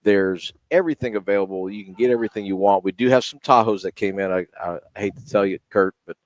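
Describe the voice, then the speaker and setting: A deep-voiced man talks up trucks on a radio show. His speech is relaxed and full of little fillers. The sound is dry and close-miked. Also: quick pace, no echo. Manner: easygoing, hesitant, filler-heavy. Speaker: car dealership representative on radio. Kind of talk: casual radio chat and sales pitch.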